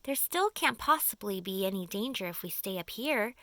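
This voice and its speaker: A woman voicing a boastful male centipede who blusters loudly and turns jittery. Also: mid-range voice, expressive, normal speed, dry recording, studio quality, lightly acted. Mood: uneasy. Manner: loud, blustering exclamations.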